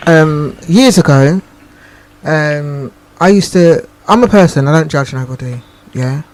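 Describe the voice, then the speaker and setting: A woman's voice: low-pitched, measured pace, darkish tone, a little hiss or hum. A woman co-hosting a radio talk show, making her points emphatically and checking that she is understood. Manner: emphatic, repeats points and asks "do you understand?". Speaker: co-host.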